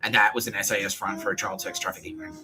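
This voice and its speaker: A man's voice: fairly low pitch, wildly swooping pitch, quick pace, pushed and bright, low-quality recording. A man podcasting alone in a rambling, profane monologue that often restarts its sentences.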